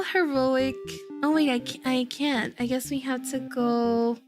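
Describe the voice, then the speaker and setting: A woman streaming a story game, reacting out loud with lots of giggling and emotion. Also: sits high, fairly even intonation, unhurried, few pauses, music in the background.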